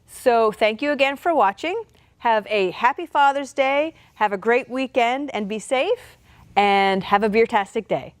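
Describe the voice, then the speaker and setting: A woman's voice: fairly high pitch, measured pace, no echo. A woman hosting a show, reading announcements in an upbeat announcer manner. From Canada. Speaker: show host.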